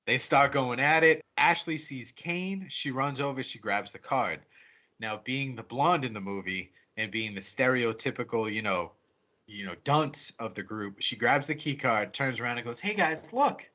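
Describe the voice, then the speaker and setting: A man co-hosting a podcast, recapping a horror movie scene by scene in a casual, profane, animated way. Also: mid-range voice, normal speed. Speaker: podcast co-host. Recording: muffled lo-fi audio.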